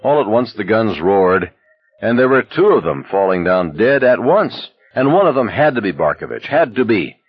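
A man narrating an audiobook in an expressive, dramatic reading. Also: fairly low pitch, normal speed, breathy edge, no echo, highs cut off.

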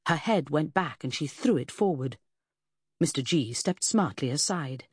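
Low-voiced woman narrating an audiobook. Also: expressive, moderate pace, a little mellow, husky, no room sound, studio quality. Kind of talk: scripted first-person narration.

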